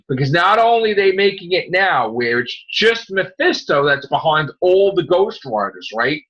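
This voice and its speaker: Man, podcast host, casual rambling chat, swears freely, fairly high voice, dull recording. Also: normal speed, few pauses. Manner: excitable, rambling, swears a lot, retells scenes. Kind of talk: casual comic book chat.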